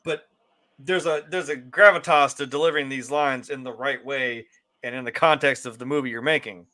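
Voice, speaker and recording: A man's voice: mid-range voice, steady tone, normal speed, sharp tone. A man co-hosting a casual movie review chat, emphatic and profane, acting out the quotes he discusses. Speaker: podcast co-host.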